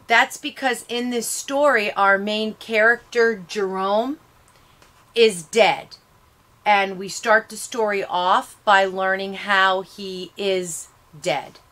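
A woman reads a novel aloud as a teacher, taking her time and leaving space between short phrases. Her voice is bright and forward. She breaks off now and then to explain the story to her listeners. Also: medium pitch, slow, hardly any pauses. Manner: expressive reading in short paced phrases. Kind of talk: read-aloud lesson with explanations.

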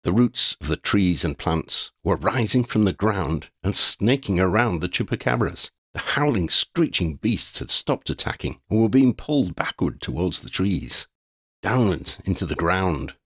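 Deep voiced man reading a fantasy audiobook, very dry close mic, lively delivery. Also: unhurried, slightly rough, dry recording. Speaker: audiobook narrator. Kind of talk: scripted narration.

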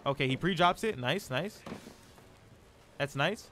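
A young man streaming live gameplay, chatting in an excitable, slangy, self-mocking way. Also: on the high side, measured pace, a little hiss or hum.

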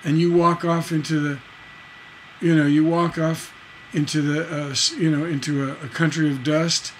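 A man's voice: a little high, level tone, moderate pace, a little hiss or hum, rough recording. A man teaching songwriting on a livestream, reading lyrics and counting beats aloud, with many fillers and restarts. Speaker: songwriting instructor.

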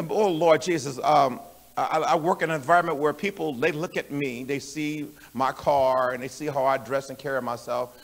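A middle-aged man preaching a sermon in a conversational way, with restarts and laughs, who builds to emphatic shouts and calls out to the congregation. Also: a little high, normal speed, vocal fry.

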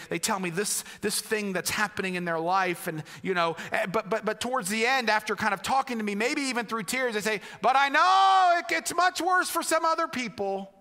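A man from the United States preaching a sermon as a pastor, reflective and restarting phrases, turning animated when he quotes other people. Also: sits high, long reverb tail.

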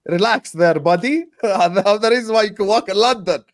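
A man's voice: high voice, normal speed. A man co-hosting a casual football podcast, boastful and teasing in his banter. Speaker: podcast co-host.

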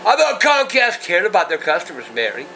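An older man, yelling and cursing on an angry phone call. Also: high voice, huge pitch swings, a little fast, a little hiss or hum. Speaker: grandfather.

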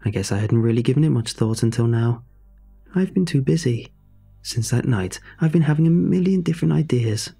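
A man's voice: mid-range voice, lively intonation, a little fast, creaky, dark tone, slightly rough. A man voicing a cheerful, slightly manic aunt who is an inventor changed by a meteor, chatty and rambling, with faint music behind. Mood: eager.

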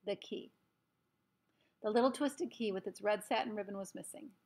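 A woman's voice: mid-range voice, moderate pace, darkish tone. A woman reading a children's novel aloud, breaking off for chatty asides to young listeners. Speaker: storyteller.

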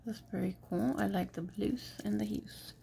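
A woman's voice: mid-range voice, normal speed, vocal fry, background noise. A woman vlogger in casual show-and-tell commentary, chatting and murmuring remarks about each item at home, with Spanish asides now and then. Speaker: jewelry vlogger.

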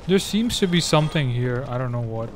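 A man's voice: mid-range voice, animated, brisk, slight background noise. A young man commenting on his own video game playthrough, swearing and venting frustration at the game. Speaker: gaming streamer. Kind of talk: let's play commentary.

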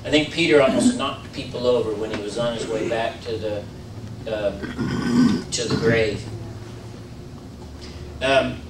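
A man giving an informal sermon in a church, talking in a conversational way with many fillers and restarts, rising into animated emphasis. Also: medium pitch, a little slow, long pauses, noisy background. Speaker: preacher. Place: church sanctuary. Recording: roomy church audio, mic at a distance.

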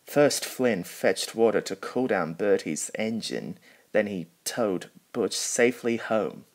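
A man reading a children's picture book aloud in a lowish voice. He goes very slowly and carefully, pausing between phrases. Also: expressive. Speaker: storybook reader. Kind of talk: storybook narration.

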